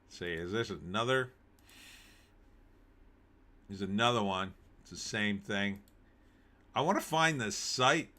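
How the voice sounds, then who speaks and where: A man's voice: fairly low pitch, lively intonation, a little slow, pauses often, bright, forceful tone. A man hosting a live stream, reading news aloud and cracking wry, jokey asides with frequent laughs.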